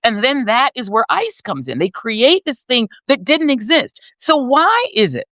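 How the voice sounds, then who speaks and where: A woman's voice: big pitch swings, measured pace, fairly bright tone, no echo, studio quality. A woman in her fifties giving emphatic, sardonic political commentary as a panel guest. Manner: emphatic, sardonic, swings between high and low.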